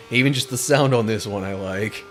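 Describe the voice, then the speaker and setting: A man casually commenting on his own racing gameplay. He is chatty, laughs easily and gets excitable while driving. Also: medium pitch, slight background noise. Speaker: gaming channel host. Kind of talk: casual let's play commentary.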